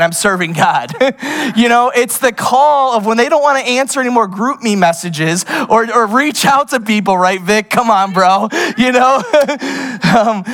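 Young male pastor, high voice, lively sermon full of laughs and asides. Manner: animated, laughs often, goes off on tangents.

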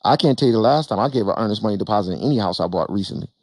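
A man who invests in real estate gives an emphatic, animated talk to an audience on a panel, repeating phrases and acting out bits of dialogue. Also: on the low side, rapid-fire, breathy edge, no echo. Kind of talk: motivational stage talk to an audience.

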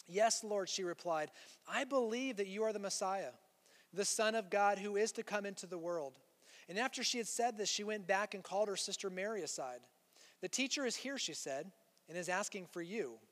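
High-voiced pastor preaching in a reverberant hall. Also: male voice, fairly bright tone. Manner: earnest, reads scripture aloud between explanations. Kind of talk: sermon.

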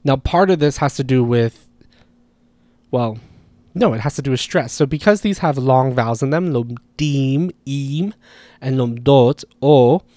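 A man hosts a language podcast in a dry recording, his medium-pitched voice a little mellow. He talks casually, explains ideas through spoken examples and often corrects himself as he goes.

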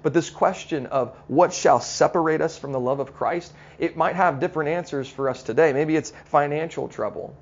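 A middle-aged man preaching a sermon, earnest and story-driven, slowing down to stress his points. His voice has a gravelly edge, and the recording sounds slightly dull. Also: fairly high pitch. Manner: storytelling, earnest, slows down for emphasis. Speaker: pastor.

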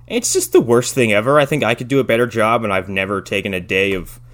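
Talking fast in a lowish voice, a man casually riffs on a bad film, tearing it apart sarcastically. He is animated and swears plenty throughout.

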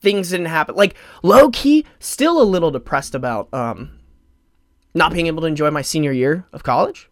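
A man's voice: on the high side, expressive, normal speed, no echo. Rambling young man podcasting, dry sound. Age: 20s. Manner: rambling, heavy use of "like" fillers, frequent restarts; emotional, openly close to tears at times. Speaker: podcast host. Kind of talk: solo podcast chat. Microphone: podcast microphone.

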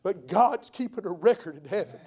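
A man preaching an impassioned sermon as an evangelist, repeating phrases for emphasis and swinging from hushed tones to shouts. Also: high-pitched, expressive, a little fast, slightly rough.

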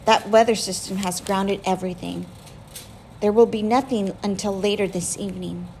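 A woman voices a courteous airline gate agent in a storybook, slow, polite and apologetic. The voice carries a gravelly rasp. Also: mid-range voice, steady tone, warm tone, slight background noise, close to an everyday voice, low-quality recording.

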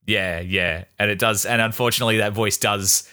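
A man's voice: lowish voice, fairly even intonation, a little fast, sharp tone, smooth. A man co-hosting a casual film review podcast, agreeable and chatty, often saying yeah and sure. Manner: agreeable, many yeahs and sures, laughs. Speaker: podcast co-host.

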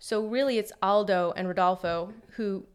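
A woman with a mid-range voice tells a story in casual podcast chat. She jokes and teases often, and her delivery stays animated throughout. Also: mid-range voice, normal speed, smooth. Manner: playful, jokey, animated. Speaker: podcast co-host.

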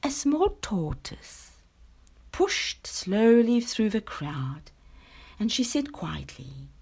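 A woman narrating a children's story in an expressive, dramatic read-aloud style. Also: mid-range voice, very slow, vocal fry, slightly rough. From South Africa.

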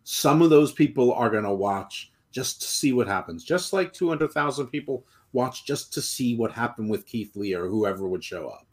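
A man's voice: medium pitch, lively intonation, normal speed, hardly any pauses, slightly rough. A man co-hosting a podcast in a casual debate, explaining his points emphatically and at length. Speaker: podcast co-host.

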